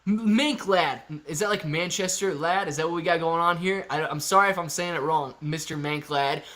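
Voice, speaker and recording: A man's voice: on the high side, fairly even intonation, brisk, sharp tone. Upbeat man hosting a stock stream. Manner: upbeat, reads viewer comments aloud. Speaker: stock live-stream host. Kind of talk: casual live-stream chat.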